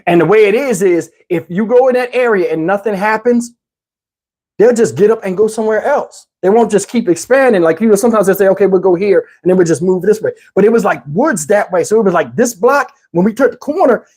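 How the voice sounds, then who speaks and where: A middle-aged man casually telling a personal story in an animated, streetwise way, with lots of "you know what I'm saying" asides. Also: high voice, a little fast, slightly rough. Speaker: YouTube storyteller.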